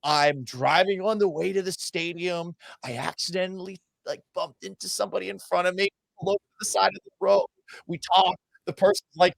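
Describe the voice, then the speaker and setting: A man's voice: high-pitched, normal speed, gravelly, dry recording. Profane, self-mocking sports radio man. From Massachusetts. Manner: self-deprecating, profane, animated anecdotes. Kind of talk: casual storytelling in a podcast interview.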